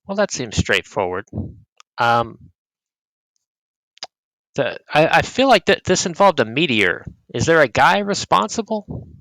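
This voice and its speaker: A man's voice: on the high side, sing-song, a little slow, pauses often, fairly bright tone, no echo, poor audio. A man playing a tabletop game, speaking in character politely and hesitantly with many fillers. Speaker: player.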